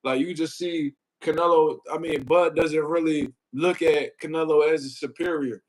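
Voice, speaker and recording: A man's voice: on the high side, steady tone, normal speed, a little mellow, poor audio. A man hosting a casual boxing livestream, rambling in profane slang, filling gaps with "you know what I mean" and greeting chat viewers. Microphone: desk mic he moves closer.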